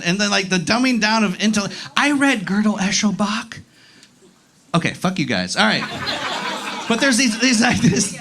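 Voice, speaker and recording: Male stand-up comic, high bright voice, profane exasperated ranter, club stage mic. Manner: profane, exasperated ranting with crowd banter. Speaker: stand-up comedian. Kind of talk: live stand-up comedy set.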